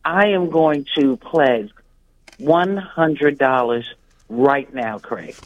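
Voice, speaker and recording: A man's voice: mid-range voice, extremely slow. A man calling in by phone to a radio pledge drive, speaking earnestly and emphatically and repeating his points. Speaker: radio show host calling in. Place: in the Dominican Republic. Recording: phone-line audio.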